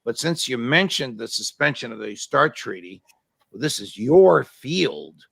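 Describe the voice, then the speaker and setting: Gravelly, bright-voiced male host. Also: medium pitch, very animated, a little slow, dry recording. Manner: directs the talk and lays out questions point by point. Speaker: show host. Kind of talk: interview questioning.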